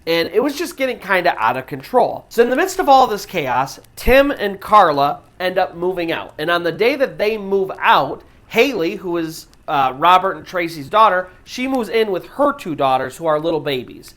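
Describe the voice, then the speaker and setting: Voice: medium pitch, very animated, normal speed, hardly any pauses, a bit bright. A storyteller host retelling a true ghost story in a casual, conversational way, full of "you know" fillers.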